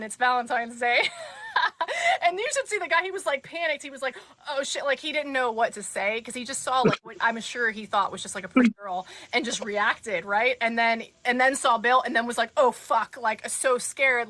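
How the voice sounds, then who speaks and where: Young woman, blunt and animated, bright high-ish voice, just chatting. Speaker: podcast guest. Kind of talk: casual chat.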